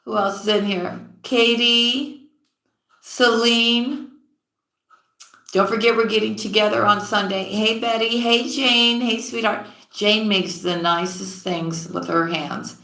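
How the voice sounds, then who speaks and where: Speaking slowly in a gravelly voice with fairly even intonation, a woman reads tarot on a live stream. She greets viewers by name, calls them sweetheart and sis, and frequently goes low and quiet partway through sentences, all in a roomy-sounding recording.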